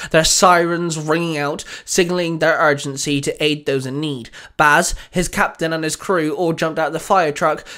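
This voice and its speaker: A man reading a fan fiction story aloud in a steady storytelling voice. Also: on the high side. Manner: steady reading with small restarts.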